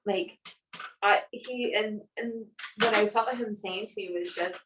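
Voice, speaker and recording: A woman sharing a personal testimony in a church group, speaking haltingly with pauses and fillers. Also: medium pitch, fairly even intonation. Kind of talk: personal testimony in casual chat. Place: live church gathering in a room. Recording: distant mic with faint noise.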